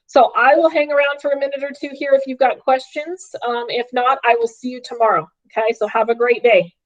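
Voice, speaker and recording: Her voice sits high with fairly even intonation, and she talks a little fast. She is a math teacher holding an upbeat live class online from home, checking in often with students, and the stream sound is dull and lo-fi.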